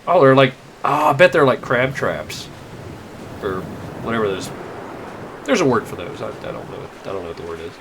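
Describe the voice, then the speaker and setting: A man's voice: medium pitch, very animated, moderate pace, vocal fry, long pauses, background noise. A young man giving casual, rambling gameplay commentary, wry and full of fillers and swearing. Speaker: let's play gamer. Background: faint game music.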